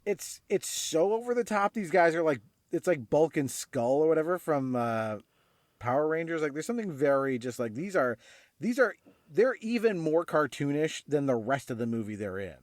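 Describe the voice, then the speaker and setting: A man's voice: a little high, very animated, moderate pace, no room sound, clean studio sound. A man from California chatting casually about a film on a podcast, full of "like" and "uh". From Laguna Beach, California. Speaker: podcast co-host.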